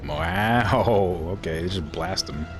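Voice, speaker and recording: A man's voice: deep voice, slow, over music. A male streamer chatting casually and laughing as he plays a mech strategy game. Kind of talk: casual let's-play chat.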